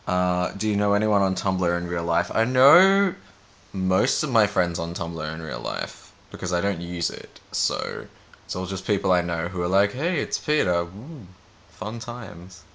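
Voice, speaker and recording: Young aussie guy rambling offhand in a vlog, deep voice with lots of fry. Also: animated, moderate pace, a bit bright. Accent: Australian. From Australia. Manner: offhand, rambling, dry humor. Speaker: vlogger. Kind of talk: casual answers to a video challenge.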